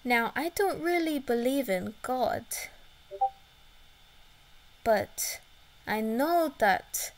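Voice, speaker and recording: A woman's voice: high-pitched, expressive, drawn-out words, pauses often, low-quality recording. A woman speaking in a put-on Russian accent, delivering a blunt, cursing vlog rant.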